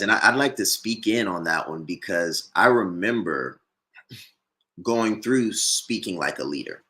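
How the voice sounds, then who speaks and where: A man's voice: on the low side, fairly bright tone. A man, a former rapper turned entrepreneur, talking earnestly in a casual discussion, repeating words as he builds his points.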